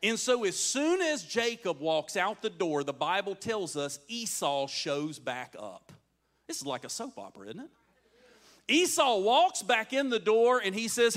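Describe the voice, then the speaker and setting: Lively, high-voiced preacher man. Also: unhurried. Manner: animated storytelling, acting out voices, asking the crowd questions. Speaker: pastor. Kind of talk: sermon.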